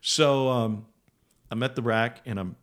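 A man with a mid-range voice tells a long, rambling story in a relaxed podcast chat. He is lively and puts on voices for the people in his story. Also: mid-range voice, a little slow. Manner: animated, acts out other people's voices. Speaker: podcast guest. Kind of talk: casual storytelling.

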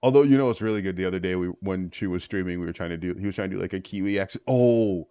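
Deep-voiced man telling a rambling story. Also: steady tone, rapid-fire, warm tone, clear, resonant tone, no room sound. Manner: rambling storyteller, restarts often. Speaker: podcast co-host. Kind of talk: casual gaming podcast chat.

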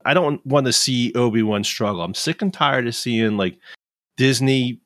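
A man's voice: medium pitch, moderate pace, a bit bright, no room sound, clean studio sound. A man in his fifties, chatting casually and ranting in frustration, swearing freely. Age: 50s. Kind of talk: casual chat.

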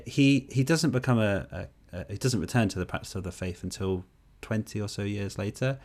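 Low-voiced man telling a story. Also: a little fast, a little mellow. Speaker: podcast co-host. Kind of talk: casual conversational storytelling.

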